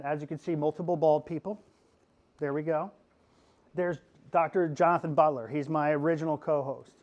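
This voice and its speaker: A podcast host from Pennsylvania, middle-aged and with a voice on the high side, gives a goofy, animated lecture to a class. He repeatedly checks in by asking "okay?" as he goes.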